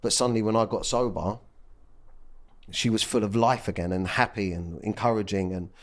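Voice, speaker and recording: Podcast guest: man, 30s, low voice, raw and candid, curses a lot. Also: fairly even intonation, moderate pace. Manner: blunt and emotional, swears freely. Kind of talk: candid casual chat.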